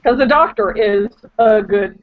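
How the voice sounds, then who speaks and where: A woman's voice: mid-range voice, unhurried. A woman chatting playfully on a casual fan podcast. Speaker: podcast co-host. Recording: dull lo-fi audio.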